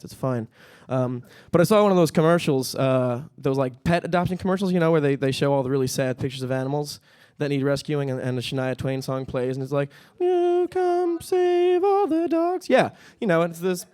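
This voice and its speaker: With a clean tone, a young man delivers a deadpan stand-up set at a live-streamed comedy event. His punchlines come out in high, panicky voices.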